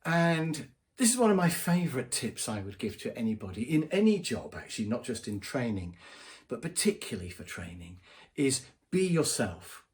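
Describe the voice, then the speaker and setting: Man, trainer, talking to camera, lively intonation, mid-pitched voice. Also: normal speed. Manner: conversational, acts out quoted voices. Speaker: business trainer. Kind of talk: direct-to-camera advice vlog.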